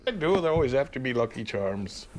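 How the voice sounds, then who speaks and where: A man's voice: mid-range voice, very animated, fairly quick, darkish tone. A man hosting a home cooking video, demonstrating a recipe in a jokey, hammy, rambling way.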